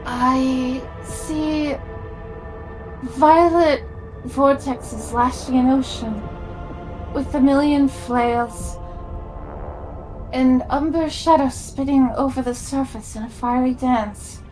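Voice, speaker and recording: A woman's voice: high voice, steady tone, slow, pauses often, darkish tone, soft background music, poor audio. A woman reading as a solemn noble navigator. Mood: visionary. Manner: formal, archaic, reverent reading. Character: solemn noble female navigator with a warp eye. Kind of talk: reading game dialogue aloud.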